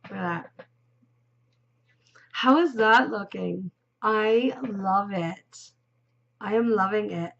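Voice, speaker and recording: With a mid-range voice, slow pace, vocal fry and long pauses, this knitting podcast host chats and rambles as she knits. She giggles, drops into murmurs and yawns occasionally, all on dull lo-fi audio.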